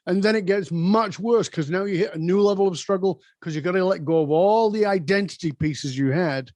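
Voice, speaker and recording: A man's voice: sits high, fairly quick, hardly any pauses, no room sound. A man hosting a podcast, emphatic and coaching, speaking straight to his listeners. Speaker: podcast host. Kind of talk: motivational interview talk.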